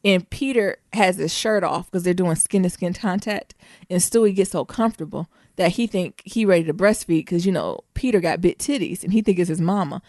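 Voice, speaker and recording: A woman co-hosting a podcast, telling a story in a casual, animated way and breaking into laughter. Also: lowish voice, fairly quick, no echo, studio quality. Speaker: podcast co-host.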